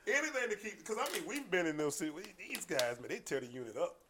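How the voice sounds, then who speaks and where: Animated man telling stories, slightly high voice. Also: quick pace, a little hiss or hum. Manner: animated, acts out voices, drops to whispers. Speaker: guest, martial arts coach. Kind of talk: casual storytelling.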